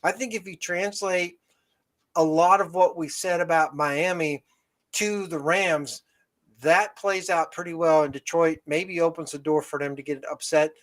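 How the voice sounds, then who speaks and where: A man hosting a casual sports talk show, giving measured opinions and thinking aloud. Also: a little high, steady tone, a bit bright. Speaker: podcast host.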